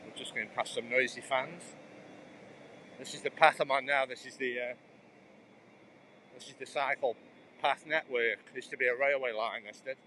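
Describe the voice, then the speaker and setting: An English man livestreams as he walks along a cycle path outdoors, chatting to viewers in a rambling way through his phone. His voice is mid-range, steady, pushed and bright, with a moderate pace and long pauses. Traffic passes in the background.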